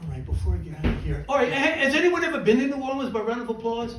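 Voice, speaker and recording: A man's voice: extremely high pitch, big pitch swings, rapid-fire, heavy background noise. A middle-aged man doing a stand-up comedy set in a small club, telling self-mocking stories with punchlines. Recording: roomy venue, mic from a distance, laughing crowd. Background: audience laughter.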